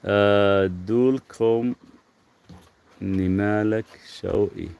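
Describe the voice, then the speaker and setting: A man from Lebanon hosting a casual livestream, answering viewers' health questions in a relaxed, rambling way. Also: fairly low pitch, extremely slow, vocal fry, smooth, no room sound. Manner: relaxed, rambling, talks softly to his dog between questions. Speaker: health channel host answering live chat.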